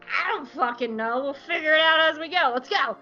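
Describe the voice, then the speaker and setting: A woman's voice: high-pitched, fairly quick, bright, forceful tone, lo-fi sound, soft background music, pitched above the performer's own voice. A woman voicing a tough, blunt teenage girl rebel who talks straight. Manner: blunt, sly.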